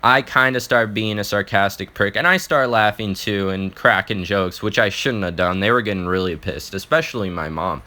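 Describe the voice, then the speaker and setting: A man's voice: on the low side, normal speed, few pauses, bright, forceful tone. A young man telling an embarrassing personal story in a casual, profane vlog, often restarting his sentences.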